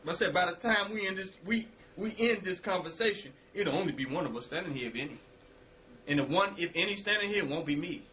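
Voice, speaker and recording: A man speaks with a high, bright, cutting voice, delivering a motivational spiritual talk in loose street slang. He quotes his own words, repeats phrases for weight and drops from forceful lines into hushed ones. A faint hiss runs under the recording. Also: a little fast, poor audio. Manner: preacherly, quotes himself, repeats phrases, swings from loud to hushed; casual street slang, curses.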